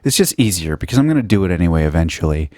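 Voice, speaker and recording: A man's voice: deep voice, big pitch swings, very fast, mellow, no echo, studio quality. A young man hosting a solo podcast, rambling and swearing constantly, mocking himself as he jumps between topics. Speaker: podcast host.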